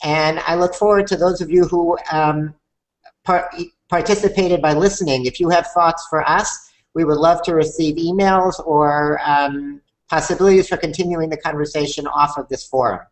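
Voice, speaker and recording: A man hosting a conversation, speaking in a measured, thoughtful way with some hesitation. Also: on the high side, steady tone, poor audio. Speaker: host, conversation moderator. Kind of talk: reflective conversation.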